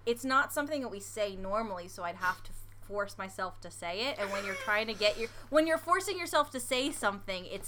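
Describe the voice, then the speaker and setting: A woman's voice: mid-range voice, expressive, a little fast, background noise. An American woman who works in a coffee shop, chatting casually on a podcast with lots of laughter and filler words. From United States. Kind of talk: casual chat.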